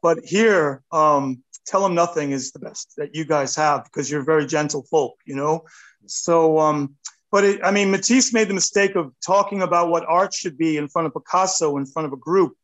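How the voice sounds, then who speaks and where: Animated man in his fifties. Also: a little high, normal speed, low-quality recording. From United States. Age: 50s. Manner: animated, rambling, self-deprecating. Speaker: artist guest. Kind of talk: casual interview chat.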